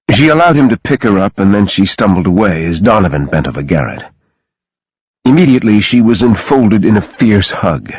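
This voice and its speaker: Husky, expressive male audiobook narrator. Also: deep voice, dry recording, lo-fi sound. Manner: dramatic, expressive reading.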